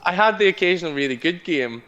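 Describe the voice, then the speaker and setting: A man's voice: sits high, animated, fast talker, fairly bright tone, muffled recording. A young man co-hosting a casual podcast chat, telling a story with energy, swearing and laughing often. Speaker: podcast co-host.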